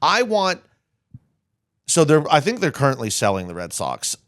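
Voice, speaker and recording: A man's voice: on the high side, wildly swooping pitch, moderate pace, a bit bright, no room sound, studio quality. A man co-hosting a podcast in casual chat, grumbling in a sarcastic, profane way. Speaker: podcast co-host.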